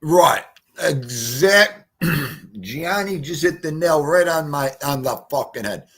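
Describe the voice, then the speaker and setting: Older male streamer, husky voice, slow and lively in pitch, cursing and rambling. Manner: profane, rambling, loud swings in volume. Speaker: livestream host. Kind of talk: casual livestream chat.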